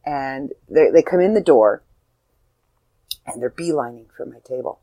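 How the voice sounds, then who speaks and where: A woman's voice: extremely low pitch, lively intonation, moderate pace, mellow, no echo, poor audio. Older woman telling a heartfelt story. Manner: heartfelt, rambling with fillers and restarts. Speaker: author. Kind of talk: casual personal storytelling.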